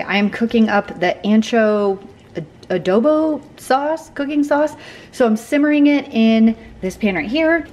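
Her voice is medium-pitched and a little mellow: a woman in her thirties, a mother and cooking vlogger, chatting upbeat to viewers as she cooks. Slight background noise runs under the echoey kitchen sound.

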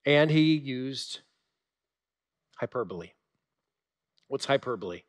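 Animated male pastor preaching. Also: mid-range voice, slow pace. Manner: animated storytelling with dramatic drops to a quiet voice. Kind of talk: sermon.

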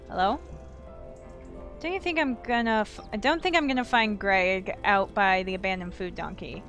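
A woman's voice: mid-range voice, big pitch swings, normal speed, fairly bright tone, soft background music. A young woman hosting a game playthrough, chatting playfully as she reads out the dialogue. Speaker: gaming host. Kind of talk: game commentary and reading dialogue.

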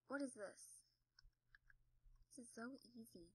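A woman's voice: fairly high pitch, moderate pace, bright, forceful tone, rough recording. A young woman giving chatty, giggly commentary while playing a video game, yelping when she falls. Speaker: gaming video creator. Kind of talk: casual gameplay commentary. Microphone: desk mic with audible keyboard.

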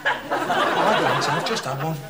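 A man's voice: a little high, animated, takes it slowly, a loud crowd, heavy background noise. An actor playing an easily riled young man, sulky and snapping, in a TV comedy sketch. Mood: squabbling. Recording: TV sketch with loud studio audience laughter.

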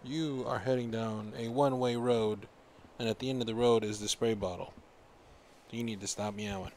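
A man's voice: on the low side, fairly even intonation, normal speed, a little mellow. A man streaming a game, with playful casual commentary, chatting to viewers and muttering asides to himself. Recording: noisy stream recording.

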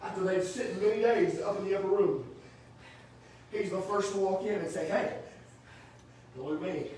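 A man preaching a sermon in a church, rising to shouts and dropping low. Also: moderate pace, slight background noise. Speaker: pastor. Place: church sanctuary. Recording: echoey church room from far off.

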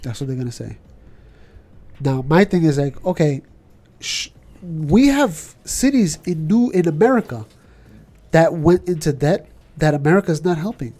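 A man with a New York accent, co-hosting a podcast in casual chat and ranting with animated questions. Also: on the high side, moderate pace, pauses often. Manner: animated, ranting, keeps asking "you know what I'm saying". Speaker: podcast co-host.

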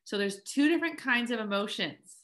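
A middle-aged woman teaches a webinar group over a call, talking casually with plenty of fillers. Her voice is bright and forward, and she slips into short quoted lines as she explains. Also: on the high side, animated, a little fast. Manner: chatty, upbeat, many fillers and little acted quotes. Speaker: life coach leading a webinar.

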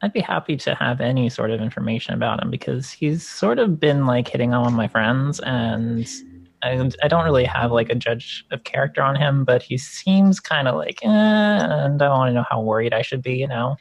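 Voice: mid-range voice, expressive, normal speed, gravelly, dry recording. A tabletop player speaking in character in a chatty, rambling way. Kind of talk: playing a tabletop game in character.

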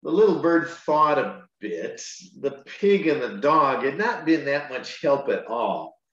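A man, a pastor, reading a picture book aloud to children, with gentle, chatty asides between pages. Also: medium pitch, sing-song, measured pace. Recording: echoey room, dull lo-fi sound.

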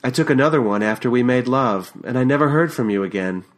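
A man reading an audiobook and voicing a bitter, scornful middle-aged woman who mocks and erupts into shouting, recorded on a USB condenser mic. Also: medium pitch, animated, fast, close to an everyday voice. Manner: sharp-tongued, mocking, erupts into shouting.

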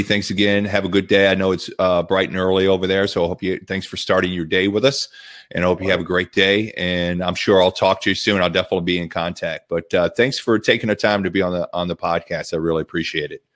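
A man's voice: low voice, a bit bright. A man hosting a podcast, wrapping up an interview in an upbeat, chatty way with many fillers. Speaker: podcast host. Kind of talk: casual interview chat.

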